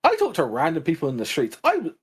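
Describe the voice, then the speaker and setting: Fast-talking man. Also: on the high side, wildly swooping pitch, breathy edge. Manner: rapid, swearing, laughs often. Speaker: podcast host. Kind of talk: casual podcast chat.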